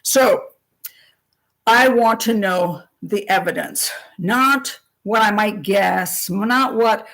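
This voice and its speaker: An older woman hosting a live question-and-answer stream, telling a story in a chatty, animated way and acting out the quotes. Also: mid-range voice, slow pace, low-quality recording. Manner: chatty and animated, acts out quotes, laughs often.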